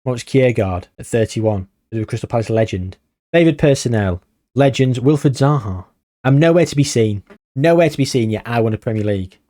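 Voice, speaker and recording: A man's voice: mid-range voice, lively intonation, a little fast, mellow, no room sound, studio quality. A man commentating on a football management game, grumbling and exasperated with sarcastic asides. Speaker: gaming YouTuber.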